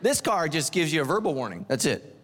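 A man, the senior pastor, preaching a humorous sermon as an animated, self-mocking storyteller. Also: fairly high pitch, brisk, in a large hall.

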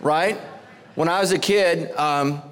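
A man in his forties preaching a humorous sermon as pastor. He jokes with the congregation, climbs to near-shouts on punchlines, and drops low and soft when he prays. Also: takes it slowly, clear, resonant tone. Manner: animated, joking, rising to near-shouts on punchlines.

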